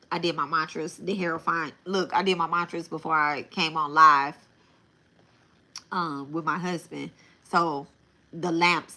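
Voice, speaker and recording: A woman reading tarot on a live stream, talking casually and bluntly with plenty of restarts. Her voice sits on the low side yet sounds bright and forceful. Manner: casual, repeats and restarts phrases; blunt, swears. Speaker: tarot reader.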